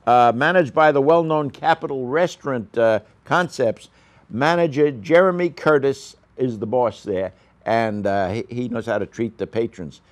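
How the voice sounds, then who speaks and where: A man's voice: medium pitch, moderate pace. A man giving a casual, rambling restaurant review on a local news show, full of fillers and asides. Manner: rambling, with frequent fillers and coughs.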